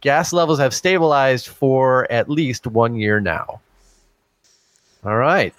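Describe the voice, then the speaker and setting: A man's voice: mid-range voice, slow pace, a bit bright, no echo. A male podcast co-host talks in a loose, chatty way. He laughs easily while reading listener comments aloud. His voice sits dry and close to the mic.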